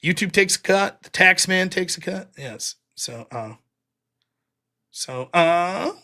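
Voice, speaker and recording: Very animated and high-pitched, this man's pushed, bright voice runs at a normal speed. He's the host of his own live stream, speaking to his audience in a casual, blunt, meandering way with a bit of mild profanity.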